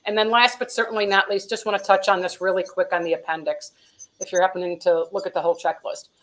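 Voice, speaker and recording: Speaking quickly in a steady, medium-pitched voice, this woman is a company vice president laying out practical steps during a business interview. The recording is low quality. It's a chatty webinar explainer where she gives advice and leans heavily on fillers like "you know" and "um."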